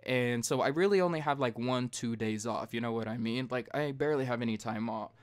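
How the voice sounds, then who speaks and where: A young man hosting a casual late-night podcast, retelling a story in a profane, heated way. He jumps high and loud when he imitates himself. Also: fairly quick, clear, resonant tone. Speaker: podcast host.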